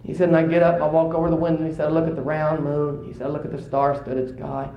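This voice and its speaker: A man's voice: quick pace, muffled recording. Echoey preacher man telling a story. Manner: storytelling, rising to excited high-pitched exclamations. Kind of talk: sermon. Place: church service.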